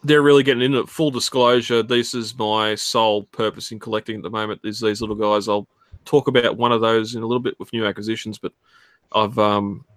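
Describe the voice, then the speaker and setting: A man's voice: lowish voice, fairly quick, no echo. Chatty man, dry mic. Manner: relaxed, chatty, laughs often. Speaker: podcast host. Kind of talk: casual chat.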